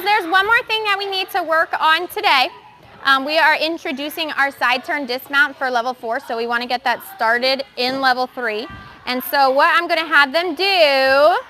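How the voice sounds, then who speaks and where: Bright, high-voiced woman coaching gymnasts. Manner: encouraging, brisk instructions to young gymnasts. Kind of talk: live coaching in a gym. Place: gymnastics gym.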